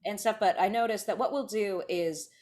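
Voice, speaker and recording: Her voice sits at medium pitch with a slightly dark tone and a moderate pace. She's a thirty-something woman from California, a podcast guest making casual, chatty conversation, cutting herself off and restarting often.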